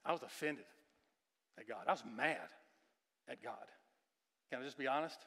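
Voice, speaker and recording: A man preaching a sermon as a guest speaker. He talks emphatically, often repeats and restarts his words, asks the audience questions, and moves between near-shouts and hushed confessional tones. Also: medium pitch, animated, normal speed. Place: church sanctuary. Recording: long reverb of a large church hall.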